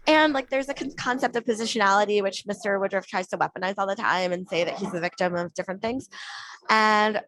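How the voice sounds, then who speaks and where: A woman's voice: medium pitch, quick pace, poor audio. A woman guest on a podcast, casually telling a story and animatedly acting out the back-and-forth she had with others. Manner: animated retelling, acting out quoted exchanges.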